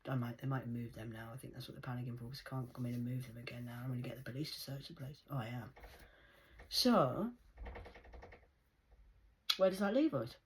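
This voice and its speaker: A woman's voice: a bass voice, brisk, long pauses, darkish tone, slight background noise, low-quality recording. A woman ranting sarcastically to her viewers in a heated, repetitive monologue. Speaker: vlogger.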